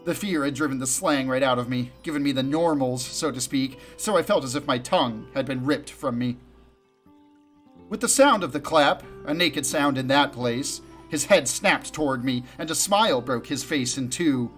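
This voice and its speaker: A man giving an expressive first-person reading of a story as an audiobook reader, slowing down for emphasis and lifting his voice for quoted lines. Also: faint music behind. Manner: dramatic, slows down for emphasis and rises in pitch for quoted speech.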